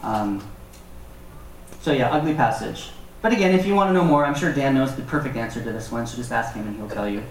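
A man teaching a Bible passage in a relaxed, conversational way with joking asides. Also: mid-range voice, fairly quick, a little hiss or hum. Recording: echoey room from far off.

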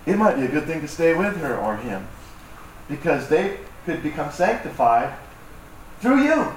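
A pastor with a slightly high voice that swings widely in pitch delivers a conversational sermon at a normal speed, poking fun at himself and acting out voices. He's picked up from a distance in an echoey hall, with faint background noise.

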